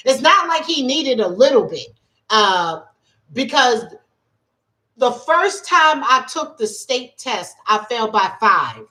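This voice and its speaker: A woman life coach gives a tarot reading on a casual livestream. She talks in an emphatic, colloquial way and repeats her points for weight. Her voice sits slightly high. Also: lively intonation, measured pace, pushed and bright. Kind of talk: casual livestream talk and storytelling.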